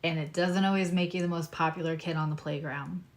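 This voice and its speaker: A woman's voice: deep voice, steady tone, a little fast. A woman astrologer giving a casual, earnest tarot reading, speaking straight to her viewers in a reassuring way.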